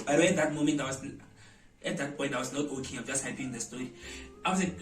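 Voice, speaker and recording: A South African man telling a storytime vlog in an animated, dramatic way, with loud exclamations. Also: mid-range voice, fast, recorded from a distance. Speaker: vlogger. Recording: roomy echo, voice away from mic, faint music.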